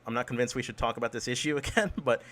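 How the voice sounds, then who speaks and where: A man hosting a debate, speaking in a calm, measured and conciliatory way. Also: mid-range voice. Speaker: debate host.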